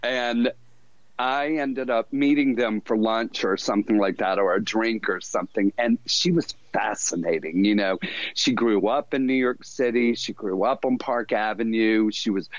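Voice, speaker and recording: A man in his fifties with a soft Southern US drawl tells stories in a meandering, self-mocking way and chuckles often. The recording sounds dull and lo-fi in a dry room with no echo. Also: on the low side, moderate pace. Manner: rambling, self-deprecating, laughs often. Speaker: podcast guest, fashion designer. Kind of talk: casual storytelling interview.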